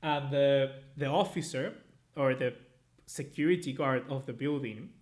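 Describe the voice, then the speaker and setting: Speaking with a mid-range, somewhat dark voice at a measured pace, this twenty-something host from America, Latin America specifically, reviews a match on a live stream. He reads viewer messages casually, wandering off topic and cursing without restraint.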